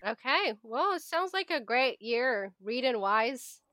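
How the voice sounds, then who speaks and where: A young woman co-hosting a casual book podcast, playful and quick to laugh. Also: on the high side, big pitch swings, sharp tone, no room sound, clean studio sound. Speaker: podcast co-host.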